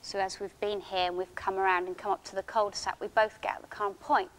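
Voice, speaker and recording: A woman speaks at a conference. She tells a personal account in a halting, emotional way, restarting her sentences often. Her voice sits at an ordinary middle pitch. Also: level tone, poor audio. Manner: halting, emotional storytelling with many restarts and fillers. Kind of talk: first-person account given as a conference talk. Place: conference hall.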